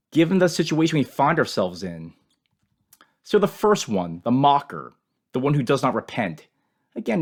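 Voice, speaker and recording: A Bible teacher offers earnest, measured commentary on scripture in short, emphatic phrases, his voice medium-pitched.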